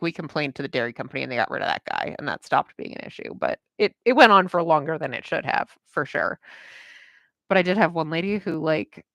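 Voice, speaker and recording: A woman's voice: sits low, fairly bright tone, no echo. A woman comic artist chatting casually while she draws on a livestream, rambling through a story with lots of filler words and frequent laughter. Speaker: comic artist streaming her work.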